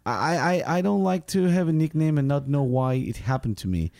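A man playing an earnest, deadpan Lithuanian immigrant shuttle driver with a Lithuanian accent, in an improvised comedy bit. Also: on the high side, vocal fry, no echo. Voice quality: earnest, deadpan, slightly halting.

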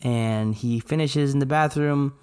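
A man's voice: mid-range voice, a little slow, a little mellow, smooth. Man telling a story, matter-of-fact. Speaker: podcast co-host. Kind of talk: casual storytelling.

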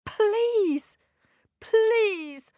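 Lady doing a high little boy voice, earnest and pleading, swoops all over, dry sound. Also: animated, slow pace, no room sound, exaggerated voice.

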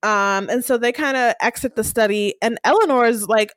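A woman co-hosting a casual recap podcast, talking in a lively way and acting out characters' lines as she retells scenes. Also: fairly high pitch, normal speed, hardly any pauses, dry recording, clean studio sound. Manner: animated, acts out characters' lines while retelling. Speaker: podcast co-host recapping a TV episode. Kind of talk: casual chat.

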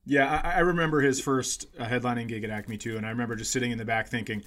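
A man's voice: medium pitch, fairly even intonation, quick pace, a bit bright. A man co-hosting a casual comedy podcast, rambling through plugs with jokes and fillers. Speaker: podcast co-host.

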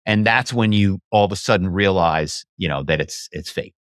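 A middle-aged man, a guest in an interview, telling stories about his work in a lively conversational way with frequent "you know" asides. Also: low-pitched, normal speed, dry recording, studio quality. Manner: animated storyteller, many "you know" asides. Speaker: guest, former actor and corporate spy.

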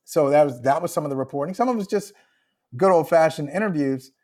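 A man's voice: on the high side, quick pace, darkish tone. A man who is an author, answering podcast questions remotely in a reflective, emotional way and laughing often. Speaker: author guest. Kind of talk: podcast interview.

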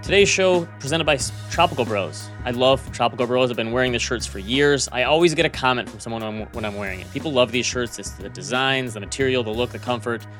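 A man hosting a podcast in a casual, chatty way, fast and self-deprecating. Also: mid-range voice, fairly bright tone, soft background music. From United States. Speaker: podcast host. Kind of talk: casual chat, reading an ad.

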